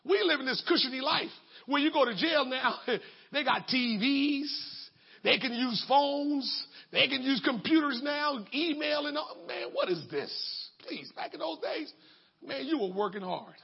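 A man preaching a sermon in a colloquial, emphatic way, bursting into shouts. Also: extremely high pitch, expressive, measured pace, vocal fry, highs cut off.

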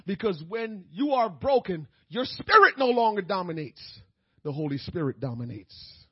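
A man preaching a sermon with a husky voice, swinging from hushed talk to shouting and crying out. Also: high-pitched, sing-song, moderate pace, no echo, lo-fi sound. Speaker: pastor.

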